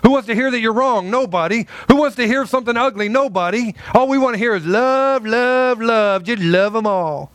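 A man's voice: very high voice, a little fast, hardly any pauses, a bit bright, clean tone, no echo. A man preaching a sermon as pastor, impassioned, repeating rhetorical questions and calling for amens.

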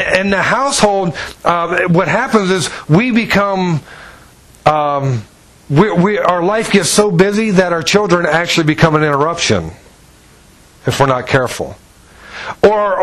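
An animated male pastor delivering a sermon, his voice sitting a little high for a man. He tells stories to the congregation and slips into the voices of the people in them. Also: poor audio. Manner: animated storytelling, acts out voices with pitch jumps.

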